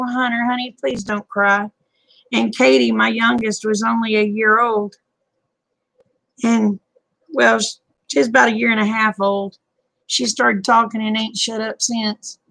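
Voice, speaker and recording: A woman's voice: a little high, gravelly, a bit bright, no echo. An older woman, hosting a casual late-night chat and calling viewers honey and babe. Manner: folksy, calls people honey and babe. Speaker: live stream host.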